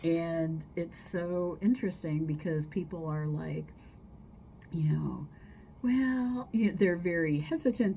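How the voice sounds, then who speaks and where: A middle-aged woman therapist speaks in a slow, slightly low voice, chatting casually and wandering between thoughts. She demonstrates breaths and sighs aloud as she explains them. A faint hiss of background noise runs under her voice. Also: dark tone. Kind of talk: casual solo talk giving wellness tips.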